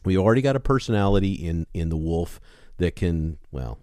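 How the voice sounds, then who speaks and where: A man's voice: deep voice, expressive, a little fast, warm tone, no echo, studio quality. A man co-hosting a podcast, wisecracking and teasing in casual banter. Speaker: podcast co-host.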